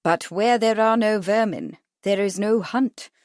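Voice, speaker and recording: A woman reading the lines of a genial, wealthy gentleman fond of hunting. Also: mid-range voice, unhurried, no room sound, studio quality, natural voice. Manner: genial, objecting politely.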